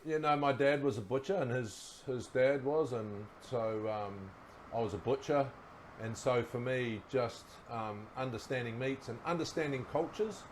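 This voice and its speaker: A middle-aged man, a guest telling relaxed stories in casual chat and laughing at his own yarns. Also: medium pitch, moderate pace, slight background noise. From New Zealand. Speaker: guest, former rugby player.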